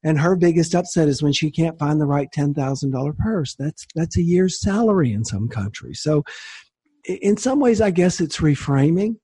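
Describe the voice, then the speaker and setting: Husky, emphatic man telling stories. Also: on the high side, moderate pace, dry recording. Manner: emphatic, animated storytelling. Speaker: guest author. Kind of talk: conversational interview.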